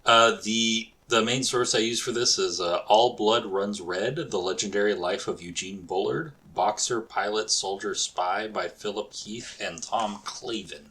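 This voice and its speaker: A man's voice: on the low side, measured pace, hardly any pauses, a bit bright. A man co-hosting a podcast in casual chat, crude and joking, swearing freely. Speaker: podcast co-host and storyteller.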